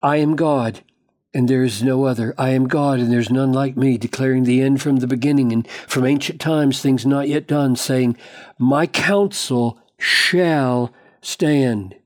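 A man preaching an expository Bible lesson, emphatic and deliberate, quoting verses and pressing each point home. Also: mid-range voice, steady tone, mellow. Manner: emphatic, slow and deliberate with sudden bursts of speed on quotations.

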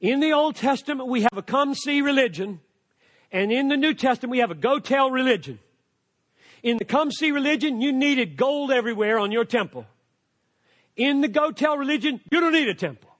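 An older man preaches with a high, ringing voice that carries a long reverb through a big hall. He drives his points with emphatic declarations, then drops into quiet, conversational asides. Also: expressive, a little fast. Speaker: pastor. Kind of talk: sermon.

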